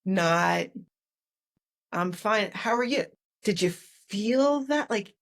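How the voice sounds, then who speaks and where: A woman author and leadership consultant, a podcast guest, explaining her ideas and acting out how greetings can sound. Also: mid-range voice. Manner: animated, demonstrates tones of voice while explaining. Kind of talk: podcast interview.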